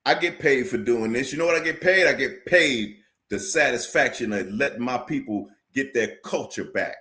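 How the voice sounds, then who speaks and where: A man delivers a livestream sermon in a medium-pitched voice. He is forceful and repetitive, quotes scripture, and keeps turning to his viewers to ask whether they understand. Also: normal speed. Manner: forceful, preachy, repeats phrases, quotes scripture; addresses viewers directly, asks "you understand?". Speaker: street preacher teaching a class.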